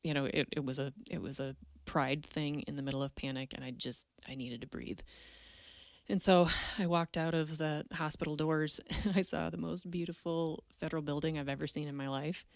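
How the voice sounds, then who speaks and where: A woman with a notably low voice, speaking as a podcast guest into a close mic. She tells her story earnestly and candidly, often restarting her sentences. The sound is dry and close, with no room behind it. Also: steady tone, moderate pace, dry recording. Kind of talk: personal storytelling in conversation.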